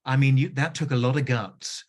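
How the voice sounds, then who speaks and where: A man's voice: mid-range voice, steady tone, moderate pace, darkish tone. A man interviewing a guest, prompting him with encouraging questions.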